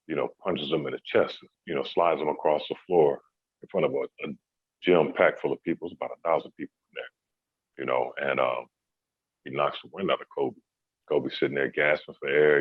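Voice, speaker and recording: A man, a former basketball player, telling a story in a relaxed, casual interview, with a husky voice. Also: a bass voice, moderate pace, no echo, narrow, tinny audio. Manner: relaxed, laid-back, many "you know"s.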